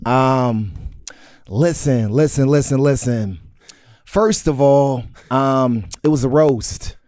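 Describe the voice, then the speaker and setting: A man's voice: medium pitch, slow, darkish tone, dry recording, clean studio sound, close to an everyday voice. A man doing an impression of a brash male comedian who gives a defensive joking apology and keeps repeating "listen.".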